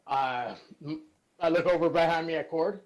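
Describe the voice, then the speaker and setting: A man's voice: a little high, moderate pace, low-quality recording. A man speaking as his character in a tabletop game, casual and a bit hesitant. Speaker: player. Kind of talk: in-character tabletop role-play.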